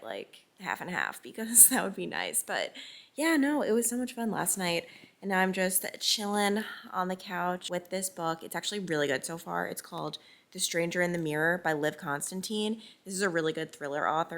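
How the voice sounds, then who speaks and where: A woman's voice: lowish voice, a bit bright. Chatty young woman vlogging at home. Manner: chatty, filler-heavy with frequent "like". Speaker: lifestyle vlogger. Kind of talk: casual vlog chat.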